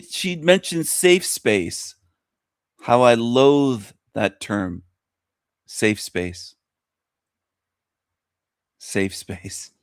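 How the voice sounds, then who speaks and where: A man's voice: medium pitch, smooth, dry recording, studio quality. A male radio host delivering a scornful, mocking monologue to his listeners. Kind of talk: ranting monologue commentary.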